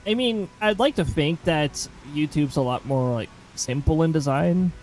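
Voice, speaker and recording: A man's voice: fairly high pitch, moderate pace, a little mellow, faint music behind, poor audio. A man streaming a game, chatting casually with rambling asides.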